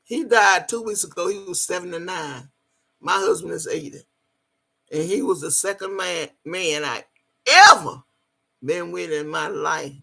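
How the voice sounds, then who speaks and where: A woman's voice: on the low side, moderate pace, gravelly, a bit bright. A woman, telling a story in a blunt, emphatic way and cussing freely. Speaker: vlogger. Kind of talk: profane storytelling monologue.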